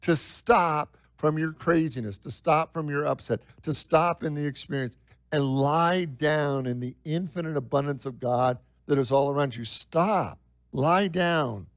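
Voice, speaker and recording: Guy preaching a sermon, kinda high voice, really dry close sound, asks the crowd stuff and repeats himself to drive it home. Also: dry recording. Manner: conversational preaching, with rhetorical questions to the congregation; repeats phrases for emphasis, slows down for key lines. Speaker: minister. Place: church.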